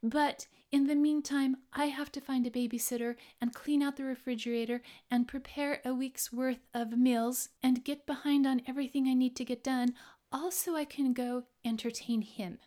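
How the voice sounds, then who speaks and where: A woman's voice: sits high, fairly even intonation, moderate pace, warm tone, voice pushed up, lightly acted. A woman voicing a whiny, self-pitying woman who plays the victim, in a mocking whining tone.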